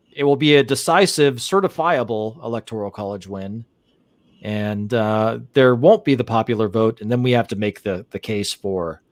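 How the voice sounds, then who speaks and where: A man's voice: mid-range voice, no echo. A male host reading an article aloud on a live chat show and reacting to it with rising indignation, rambling and restarting as he thinks aloud. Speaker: podcast host.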